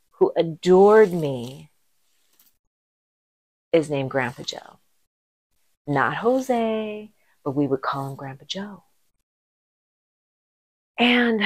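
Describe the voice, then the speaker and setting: A middle-aged woman casually telling a story, animated, breaking into sudden high exclamations. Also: dry recording.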